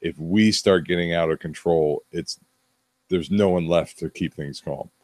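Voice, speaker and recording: Deep-voiced man telling a profane story. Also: measured pace, darkish tone, dry recording. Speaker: podcast co-host, bar manager. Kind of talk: casual chat.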